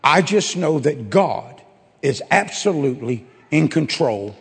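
A male pastor preaching to his church in a folksy, repetitive way that swells into loud bursts. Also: a little high, big pitch swings, unhurried, gravelly, husky, long reverb tail. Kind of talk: sermon with altar call. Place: church sanctuary.

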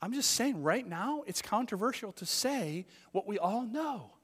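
A man's voice: sits high, expressive, measured pace, a bit bright, big-room sound. A man pastor preaching a sermon in an earnest, conversational way.

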